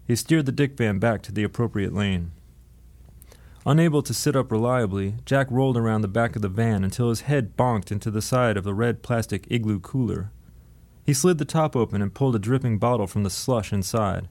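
A man narrating an audiobook in a steady, dry storytelling manner. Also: fairly low pitch, fairly quick.

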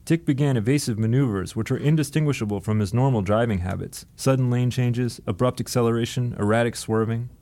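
Male audiobook narrator, steady, dry delivery, middle pitch. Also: a little fast, hardly any pauses.

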